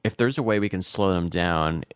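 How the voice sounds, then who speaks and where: A man's voice: sits low, normal speed, clear, resonant tone, dry recording, clean studio sound. A man playing as a guest in a tabletop game, methodically talking through plans step by step. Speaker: guest player.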